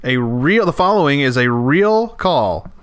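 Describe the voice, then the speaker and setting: A man's voice: medium pitch, very animated, a little slow, clean tone. A man hosting a comedy podcast, introducing bits in a loose, joking way. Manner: ranting, over-the-top. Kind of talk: sketch comedy.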